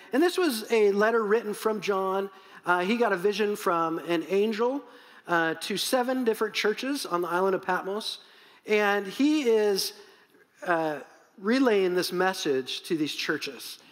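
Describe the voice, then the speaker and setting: A middle-aged man preaching a sermon as pastor, in a conversational, animated way with many asides. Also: high voice, big-room sound.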